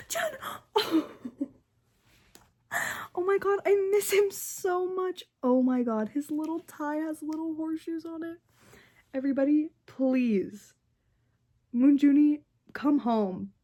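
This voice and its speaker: A woman's voice: high voice, mellow. A young woman vlogging as she unboxes albums, gushing and gasping, swinging between squeals and whispers. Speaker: book and K-pop vlogger. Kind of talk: casual unboxing vlog.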